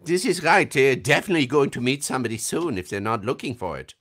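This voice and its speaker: A man's voice: medium pitch, very animated, fast talker, a bit bright. A man, a voice actor, chatting playfully on a livestream Q&A over a video call, laughing often and reading out fan comments. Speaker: voice actor answering fan questions. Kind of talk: casual livestream Q&A.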